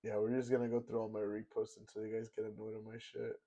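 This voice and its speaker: Hoarse guy on a stream, gravelly fried voice, loose and laughing, reading chat. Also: lowish voice, completely flat delivery, fast, warm tone. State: hoarse, voice nearly gone. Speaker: streamer host. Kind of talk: casual live-stream reaction chat.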